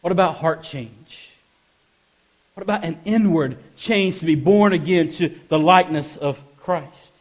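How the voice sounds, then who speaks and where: A pastor preaches during a church service and reads from scripture at an unhurried pace. His delivery swings between soft, low asides and loud, emphatic passages, and he repeats phrases for emphasis.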